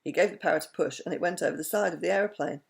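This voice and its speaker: A woman reading a children's story aloud in an expressive, animated way. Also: fairly low pitch, rapid-fire, vocal fry.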